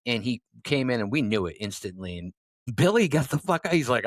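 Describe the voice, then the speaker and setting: A man's voice: medium pitch, big pitch swings, a little fast, no echo, studio quality. A young adult man co-hosting a podcast, casually telling a rambling story with lots of fillers and the odd swear word. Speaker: podcast co-host.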